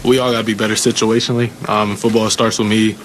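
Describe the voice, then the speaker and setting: A man fields questions at a post-game press conference in short, filler-laden answers. His voice is low and flat, the words coming quickly over a faint room ambience. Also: a little hiss or hum, poor audio. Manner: flat, clipped, with many fillers. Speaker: football player at press conference.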